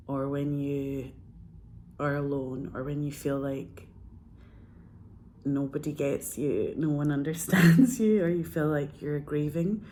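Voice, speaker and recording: A woman's voice: low voice, dark tone, a little hiss or hum. A woman who is a filmmaker, telling a personal story in a casual, earnest, rambling way full of fillers and restarts.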